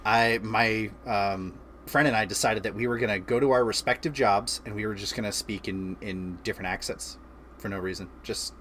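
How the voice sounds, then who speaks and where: A man in his thirties hosts a casual chat stream from home, seated by a fireplace, telling a rambling story full of restarts and chuckles. His voice sits on the low side with fairly even intonation, a moderate pace, and a fairly bright tone. There's slight background noise.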